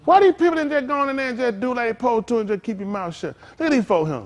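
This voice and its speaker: A man's voice: extremely high pitch, rapid-fire. A man preaching a sermon as pastor, with call-outs to listeners and acted-out asides.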